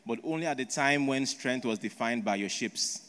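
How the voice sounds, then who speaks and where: Delivering his sermon in story form at a moderate pace, this preacher has an ordinary male pitch with a slightly bright edge. He asks rhetorical questions and keeps checking in with "right?", while a big hall's lingering reverb follows every line.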